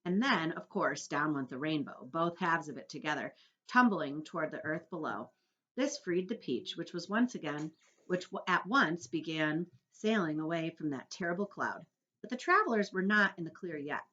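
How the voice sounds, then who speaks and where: Woman teacher, expressive read-aloud, animated, muffled home recording. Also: low voice, normal speed. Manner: expressive storytelling.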